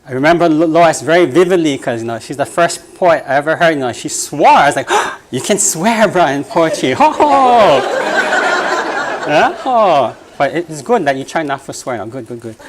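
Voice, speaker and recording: A man's voice: a little high, lively intonation, fairly quick, hardly any pauses, a little hiss or hum. A man with a Hawaiian Pidgin accent, speaking on stage as a poet in casual, jokey talk. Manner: chatty, jokey, laughing. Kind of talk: casual talk and poetry reading. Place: stage before an audience.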